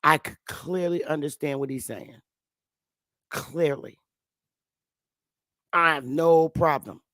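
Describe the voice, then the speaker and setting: A woman's voice: low-pitched, takes it slowly, a bit bright, dry recording. A woman in her fifties giving a casual, rambling monologue to her viewers, repeating herself and calling them sweetheart and love. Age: 50s. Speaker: channel host. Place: Connecticut.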